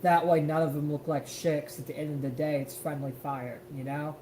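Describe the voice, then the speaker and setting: A man's voice: fairly high pitch, little pitch movement, brisk, darkish tone, echoey room, a little hiss or hum, poor audio. A man co-hosting a live stream, reacting to a clip in an emphatic, profane rant. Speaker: stream co-host.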